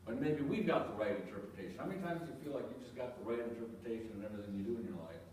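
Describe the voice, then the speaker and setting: A male pastor preaches in a loose, conversational way, tossing questions to his congregation and circling back over the same phrases. His voice sits at an ordinary middle pitch. It echoes heavily around a church, caught by a mic some distance from him. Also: rapid-fire, a little mellow, slight background noise. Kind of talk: conversational sermon. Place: church sanctuary.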